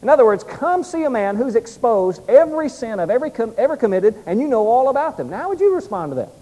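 A man delivers a sermon with a high-pitched voice, pushing his volume up and then pulling it back down to stress his points. The sound carries a long reverb, as if he is in a large hall. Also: sing-song, quick pace, mellow. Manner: emphatic, rising and falling in volume for effect. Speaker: preacher.

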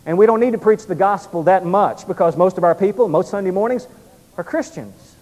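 A man's voice: high-pitched, fairly quick, darkish tone, long reverb tail, rough recording. A man preaching a sermon with emphatic delivery, swelling and dropping his volume for effect.

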